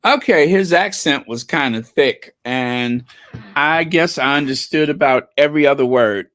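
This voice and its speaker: Male host, bright voice, unhurried rambling commentary, reads out comments. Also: a little high, dry recording. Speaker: channel host. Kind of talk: casual commentary reading comments.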